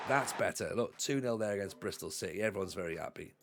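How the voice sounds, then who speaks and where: A Northeast English man chats loosely through a live stream of a football management game, full of self-deprecating jokes. His voice sits low and turns gravelly, roughened further by a cold, and game music plays clearly behind him. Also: quick pace, few pauses. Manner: rambling, joking, self-deprecating. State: has a cold. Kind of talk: casual live-stream commentary.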